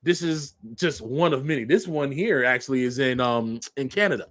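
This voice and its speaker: A man's voice: medium pitch, expressive, normal speed, few pauses. A man reading news headlines aloud and adding sarcastic commentary, laughing often. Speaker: commentary vlogger.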